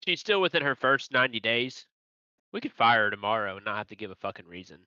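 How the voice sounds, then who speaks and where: A man's voice: medium pitch, big pitch swings, fast talker, sharp tone, clear, resonant tone, no room sound. A man in a heated casual debate who talks crudely and rambles, swearing often. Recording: dry, dull lo-fi audio.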